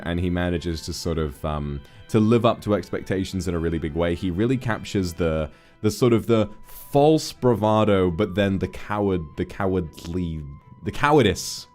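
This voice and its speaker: A man hosting a livestream, giving a casual film review in an animated, rambling way, often correcting himself mid-sentence. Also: deep voice. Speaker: streamer host.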